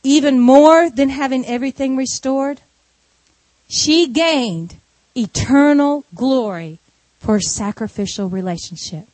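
A woman preacher delivering a sermon through an animated, conversational retelling of a story. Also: high voice, slow pace, no echo.

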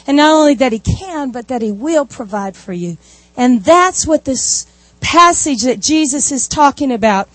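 A woman giving a sermon, telling stories in a lively way with asides. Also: high voice, moderate pace, no echo. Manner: animated storytelling with asides. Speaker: preacher.

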